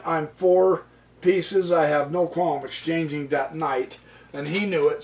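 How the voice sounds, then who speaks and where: Slow, lively chess commentator, a bit off-mic. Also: mid-range voice, recorded from a distance. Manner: chuckling, exclaims with delight at the opponent's moves. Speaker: chess channel host. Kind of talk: casual commentary on their own chess game.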